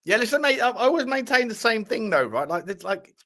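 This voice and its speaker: Bloke co-hosting, laid-back jokey banter, highish bright voice. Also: male voice, sing-song, brisk. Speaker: co-host. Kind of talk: casual chat.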